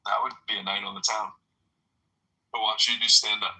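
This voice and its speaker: A man's voice: lowish voice, level tone, moderate pace, bright, forceful tone, low-quality recording. A man moderating a casual audio chat room, dry and hesitant, with lots of filler words.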